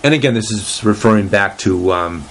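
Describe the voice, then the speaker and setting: A man hosting a casual solo talk show, reading aloud haltingly with lots of fillers and restarts, and a dry, deadpan humor. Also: fairly low pitch, slight background noise. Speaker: host.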